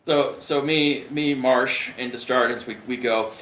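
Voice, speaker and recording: A man, a retired submariner, telling a story in a casual, profane and animated way. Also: medium pitch, unhurried. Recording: roomy echo.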